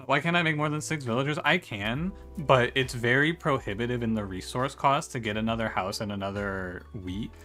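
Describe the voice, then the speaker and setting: Bright-voiced man streaming a game. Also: medium pitch. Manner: chatty, swears freely, laughs while talking to chat. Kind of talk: casual live-stream chat. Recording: faint music behind the voice.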